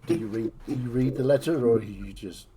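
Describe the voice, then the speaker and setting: A man's voice: mid-range voice, brisk, mellow, slight background noise. A man narrating a tabletop game as its game master, in easygoing talk with plenty of fillers.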